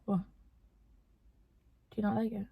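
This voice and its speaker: Hosting a relaxed conversation with her mum, this young Geordie woman speaks in a mid-range, level voice that is unhurried, creaky and slightly rough. She chats away, laughs a lot and does voices when quoting others, while the audio sounds narrow and tinny.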